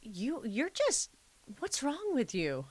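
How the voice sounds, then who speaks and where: A woman co-hosting a casual podcast, telling stories with emphatic, animated delivery. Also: high voice, takes it slowly. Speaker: podcast co-host. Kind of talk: casual chat.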